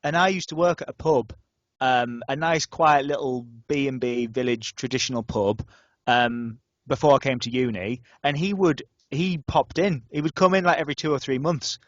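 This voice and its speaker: A young man from the north of England, co-hosting a casual student radio podcast and telling stories with lots of restarts and sudden jumps in pitch. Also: moderate pace, no echo, highs cut off. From North Yorkshire, England. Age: young adult. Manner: animated storyteller, restarts and stammers, lively pitch jumps. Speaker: podcast co-host.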